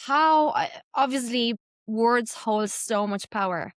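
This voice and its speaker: A woman's voice: a little high, slow pace, clear, resonant tone, no echo, clean studio sound. A woman hosting a podcast interview, asking long, thoughtful questions in a reflective way. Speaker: podcast host.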